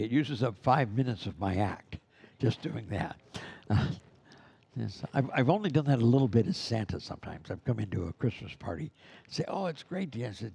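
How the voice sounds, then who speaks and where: Older man with a gravelly, mellow voice. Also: on the low side. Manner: rambling, acts out kids' voices in anecdotes. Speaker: Santa school instructor. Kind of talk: casual classroom teaching.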